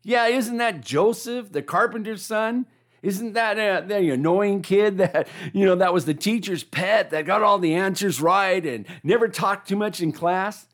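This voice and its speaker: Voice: medium pitch, measured pace, fairly bright tone, natural voice. A preacher voicing dismissive hometown neighbors who scoff at someone they grew up with. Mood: mocking.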